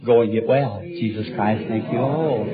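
A man leading a healing service as an evangelist, speaking gently and earnestly to each person before him. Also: fairly low pitch, moderate pace, loud music behind the voice. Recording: tinny lo-fi archival recording.

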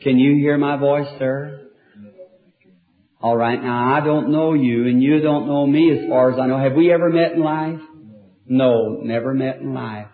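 A man's voice: mid-range voice, fairly even intonation, a little slow. Man preaching on a tinny old recording. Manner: gentle, earnest, talks directly to each person. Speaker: evangelist leading a healing line. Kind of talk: healing-service preaching.

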